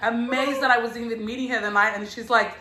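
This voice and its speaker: A woman hosts a casual chat indoors, full of bubbly storytelling and quick playful impressions of what others said. Her voice sits a little high. The room around her sounds echoey. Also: steady tone, bright, forceful tone. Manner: bubbly storyteller, acts out quotes with laughter. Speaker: host. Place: house, indoors.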